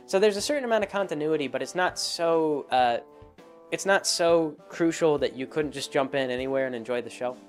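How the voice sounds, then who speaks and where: A man's voice: a little high, brisk, soft background music. A man hosting a casual spoken commentary, rambling along with many fillers and restarts. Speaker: host.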